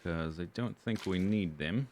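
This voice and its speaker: A man's voice: sits low, measured pace, a little mellow, slight background noise. A man streaming a survival game, chatting casually and rambling as he goes through his gear and plans. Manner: chatty, rambling, self-correcting. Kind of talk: casual gameplay commentary.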